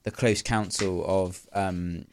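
A man co-hosts a podcast in relaxed chat. He talks haltingly, with many ums and restarts. His voice sits somewhat low. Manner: hesitant, halting with many fillers. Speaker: podcast co-host. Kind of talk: casual chat.

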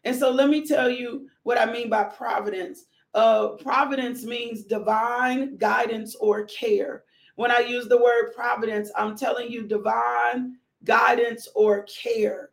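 Woman, devotional preacher, gravelly voice, echoey room, conversational sermon with emphatic repeats. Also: fairly high pitch, steady tone, a little slow. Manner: repeats phrases for emphasis, rising to exclamations.

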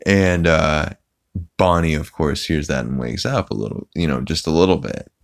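A man's voice: rumbling low, normal speed, creaky. A man hosting a podcast, recapping an episode casually in a rambling way with many fillers. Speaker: podcast host.

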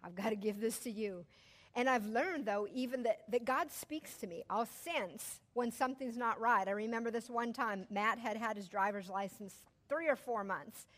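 A middle-aged woman, telling a personal story to a church audience in an animated, chatty way and laughing often. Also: a little high, normal speed.

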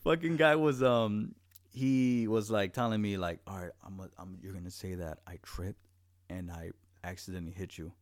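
A man's voice: sits low, steady tone, normal speed. A young man telling a long personal story in casual chat, rambling, with heavy swearing and many restarts.

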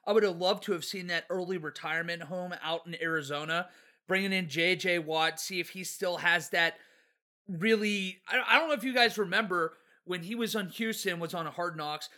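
A man's voice: high voice, bright, forceful tone. A man co-hosting a sports podcast, chatting casually and hedging with fillers. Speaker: podcast co-host.

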